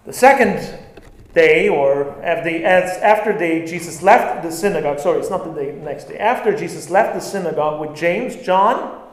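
A male pastor preaching an animated sermon, stressing lines and acting out quoted words. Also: a little high, normal speed. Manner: animated, acts out quotes with bursts of emphasis. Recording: very echoey room.

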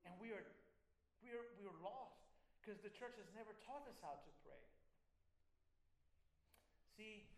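A man's voice: high voice, a bit bright. A man preaching a sermon as a pastor, earnest and conversational, asking the congregation rhetorical questions. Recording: roomy echo with faint ambience.

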